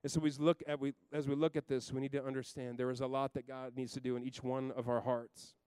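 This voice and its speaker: A man in his thirties preaching a sermon as a pastor, emphatic and swinging from loud to hushed. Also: medium pitch, level tone, fast talker, clean tone, no room sound.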